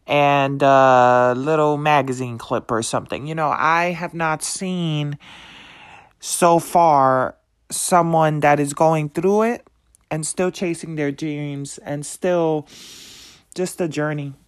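A man speaking as a motivational speaker, preaching in a slow, emphatic way with repeated rhetorical questions. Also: on the high side, steady tone, clean tone. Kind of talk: motivational monologue.

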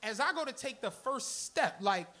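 A man, hosting a live podcast show and telling a comic story in an animated, slangy way with frequent laughter. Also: very high-pitched, normal speed. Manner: animated, laughing, slangy, acts out other people's lines. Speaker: podcast host. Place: comedy club stage.

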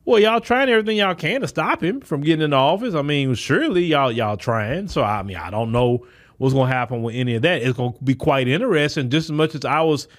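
A man's voice: medium pitch, lively intonation, fairly quick. A man hosting a podcast, delivering a blunt, emphatic solo commentary that restarts and repeats words as he pushes his points. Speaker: podcast host. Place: Texas.

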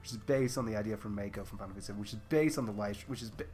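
A man's voice: lowish voice, racing, darkish tone, soft background music. A man chatting casually as a player on a tabletop game podcast, joking and rambling.

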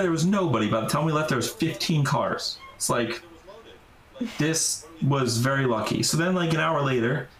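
A man guest on a podcast, casually telling a story with lots of "like" fillers and swearing. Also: medium pitch. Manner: rambling, heavy use of "like", swearing. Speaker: podcast guest, urban explorer. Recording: echoey room.

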